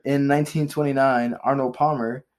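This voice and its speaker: A man's voice: medium pitch, level tone, a little fast, a little mellow. A young male podcast co-host with an ordinary mid-range voice. He reads out historical entries from a list in a plain, matter-of-fact way. Between entries he slips into loose joking banter. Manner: reads "on this day" entries off a list, then cracks dry jokes. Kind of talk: casual comedic chat.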